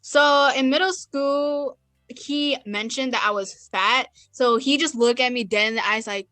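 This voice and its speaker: High, bright, blunt young woman. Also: unhurried, no echo, soft background music. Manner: blunt, profane storytelling with quoted retorts. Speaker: podcast co-host. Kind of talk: casual chat. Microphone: podcast microphone.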